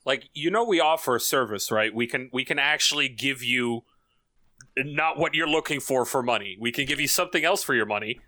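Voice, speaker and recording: A man's voice: medium pitch, a little fast, sharp tone. A young man in casual chat who chimes in with wry jokes. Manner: wry, joking interjections.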